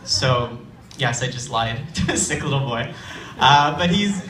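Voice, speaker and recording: A young man telling a personal story on stage at a storytelling night, conversational and self-deprecating, with halting restarts. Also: mid-range voice, expressive, crowd noise. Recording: roomy live hall, distant mic, faint ambience.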